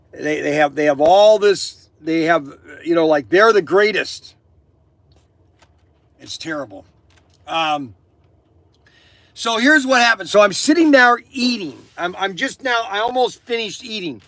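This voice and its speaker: Chatty older man with a high, bright voice. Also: no echo. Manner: chatty, opinionated, laughs a lot, restarts sentences. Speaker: toy shop owner and channel host. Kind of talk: rambling casual monologue. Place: inside his store.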